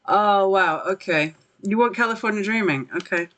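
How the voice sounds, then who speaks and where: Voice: mid-range voice, normal speed, fairly bright tone. A podcast host chatting casually on a livestream, rambling with lots of fillers, apologizing and laughing at themselves. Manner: rambling, filler-heavy, self-deprecating laughs. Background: faint background music.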